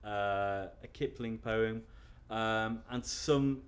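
A man's voice: lowish voice, extremely slow. A man answering interview questions in a casual, hesitant way, often restarting and laughing at himself. He is from England. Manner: hesitant, restarts often, chuckles self-consciously. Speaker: interview guest.

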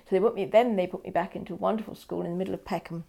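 A woman's voice: on the low side, rapid-fire, creaky. An older woman telling a personal story in an interview, acting out quoted dialogue. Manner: animated, acts out quoted dialogue.

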